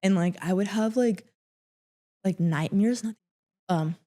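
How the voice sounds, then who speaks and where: A young woman sharing a painful personal story, halting with many fillers and restarts, often dropping to a quiet voice. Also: mid-range voice. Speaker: guest.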